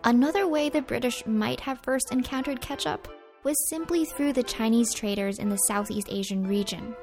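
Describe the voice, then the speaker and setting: Taking turns with her co-host, a woman reads an upbeat food history podcast script over faint music. Her voice sits fairly high, with a darkish tone and a moderate pace.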